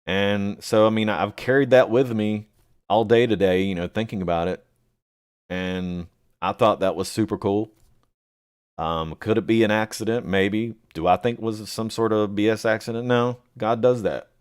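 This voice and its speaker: A man hosting a live chat, answering viewers by name and rambling with many pauses and fillers. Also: on the low side, fairly even intonation, clean tone. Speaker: livestream host reading chat.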